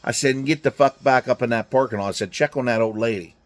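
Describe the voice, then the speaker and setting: A man's voice: mid-range voice, fast. A middle-aged man telling a story in a garage, blunt and full of swearing, acting out both sides of a conversation. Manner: profane, blunt, acts out dialogue. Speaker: truck driver telling a story. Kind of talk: casual storytelling. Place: garage during a car event.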